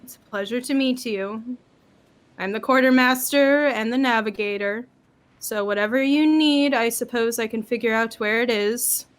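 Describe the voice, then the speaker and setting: A woman plays an aloof, bookish quartermaster in a tabletop game. She sounds dry and reluctant, with a voice that sits high. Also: normal speed, lightly acted.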